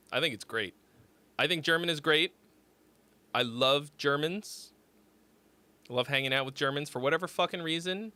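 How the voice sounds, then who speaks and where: A man in his forties hosts a song critique livestream, chatting casually in a rambling, profane way, breaking off mid-thought and starting over. His voice runs on the high side, pushed and bright.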